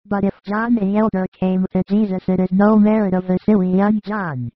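A reader voicing a gentle, devout young male disciple who recites in a steady, reverent way in a dramatized audiobook. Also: medium pitch, moderate pace, no room sound, lo-fi sound, soft background music, natural voice.

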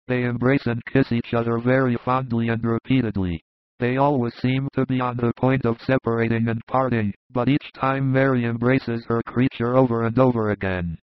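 Flat-voiced man reading a devotional text. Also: mid-range voice, dry recording. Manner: even, solemn, unhurried. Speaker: narrator. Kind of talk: audiobook reading of a devotional vision. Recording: dull dry close recording.

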